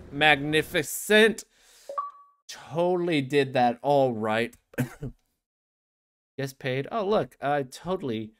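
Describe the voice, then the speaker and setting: Lively young man doing frantic game commentary. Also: a little hiss or hum. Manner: frantic, sarcastic, jumps between mutters and squeaky outbursts. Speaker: gaming youtuber. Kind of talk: casual gameplay commentary.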